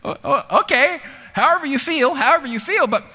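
A man voicing his wife as a sweet, patient woman in a raised, soft voice. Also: very high-pitched, animated, fairly quick, voice pushed up, exaggerated voice. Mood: coaxing. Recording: echoey hall reverb.

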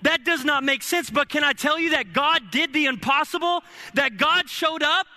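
A young adult man preaching a sermon as pastor, lively and humorous, building at times to shouting. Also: very high-pitched, normal speed. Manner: energetic preaching with humorous asides.

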